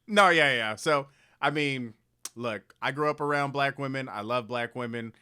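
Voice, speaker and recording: A young man co-hosting a casual podcast, telling stories in a relaxed way and swearing casually. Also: medium pitch, normal speed, clean tone. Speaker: podcast co-host. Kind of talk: casual storytelling chat.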